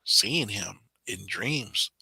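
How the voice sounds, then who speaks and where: An earnest man recounts a personal story in casual conversation, full of fillers and restarts. His voice sits low but has a very bright, edgy timbre. The sound is close and dry. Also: expressive, drawn-out words, gravelly, breathy edge, no room sound. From Samoan. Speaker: channel member guest. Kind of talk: casual video call chat.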